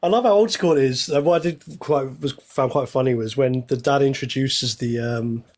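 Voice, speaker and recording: A man's voice: medium pitch, moderate pace, a little mellow. A man co-hosting a film podcast in casual chat, wry and amused. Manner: wry, amused, laughs through his points. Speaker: podcast co-host.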